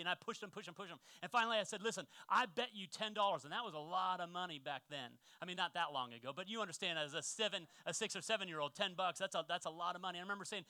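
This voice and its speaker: A man in his forties from northwestern Pennsylvania, preaching a sermon with stories from his childhood, lively in the stories and quiet in the reflection. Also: high voice, rapid-fire, no echo. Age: 40s. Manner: storytelling, animated when acting out childhood scenes, then quiet and reflective. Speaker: pastor.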